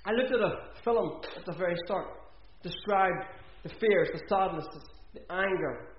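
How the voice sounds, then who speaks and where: A man's voice: high voice, measured pace, slight background noise. A man preaching an earnest sermon in a church, repeating phrases for emphasis. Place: church hall. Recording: echoey, dull church recording.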